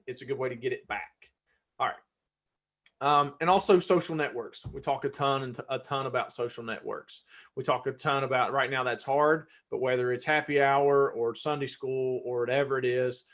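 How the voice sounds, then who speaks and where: A man's voice: medium pitch, fairly bright tone. A man presenting a live-streamed workshop in a conversational way, restarting words and now and then getting fired up. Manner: conversational, self-correcting, gets fired up.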